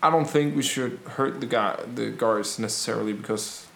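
A man's voice: medium pitch, moderate pace, gravelly, fairly bright tone. Man plotting strategy in an echoey room. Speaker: player. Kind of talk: casual tabletop game chat.

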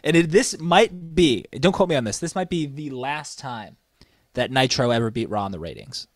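A man's voice: medium pitch, lively intonation, moderate pace, no echo, soft background music. A man co-hosting a casual wrestling chat, telling stories with enthusiasm as he counts down a list. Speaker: wrestling podcast co-host.

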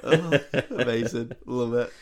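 A man's voice: medium pitch, unhurried. A man co-hosting a comedy podcast, riffing and laughing through silly banter. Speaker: podcast co-host.

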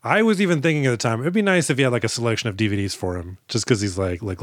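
A male podcast co-host in a loose, joking chat. He retells film scenes with comic asides and quick put-on voices. His voice sits at a middle pitch, and the sound is dead dry. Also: very animated, dry recording. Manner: joking storyteller, acts out scenes, swears freely. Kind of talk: casual movie-recap chat.

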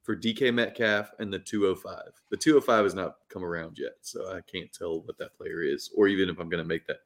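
Low-voiced man explaining trades. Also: steady tone, fairly quick. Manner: detailed, methodical explaining of trades. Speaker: podcast co-host. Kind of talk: casual podcast chat.

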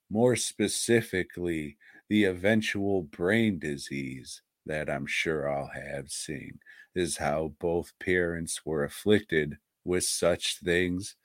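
Brief: male podcast co-host, low voice, unhurried, profane and blunt, dry close sound. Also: no echo. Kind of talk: casual podcast chat.

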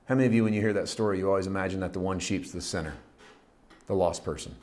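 A middle-aged man preaching a sermon, telling a parable with lively storytelling and acting out its characters. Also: low-pitched, very fast. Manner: animated storytelling, acting out characters, rising to shouts. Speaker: pastor.

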